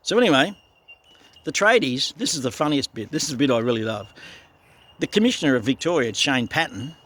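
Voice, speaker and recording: A man's voice: mid-range voice, expressive, fairly quick, a bit bright. An older man with an Australian accent delivering a blunt, profane, heated ranting monologue as a vlogger.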